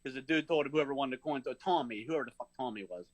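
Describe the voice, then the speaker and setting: A man's voice: mid-range voice, quick pace. A man on a casual podcast who cracks crude, profane jokes. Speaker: podcast co-host. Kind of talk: casual chat.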